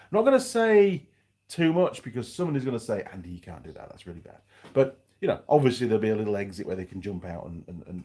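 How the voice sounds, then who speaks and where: A man talks with a fairly low voice on a casual live stream in his home workshop. He rambles as he answers viewer comments, often restarting a sentence or going off on a side thought. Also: mellow. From United Kingdom. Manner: rambling and chatty, with frequent restarts and asides. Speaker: livestream host.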